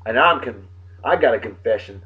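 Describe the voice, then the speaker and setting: A man hosting his own casual webcast, rambling and crude and quick to get riled. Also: medium pitch, animated, lo-fi sound. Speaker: show host.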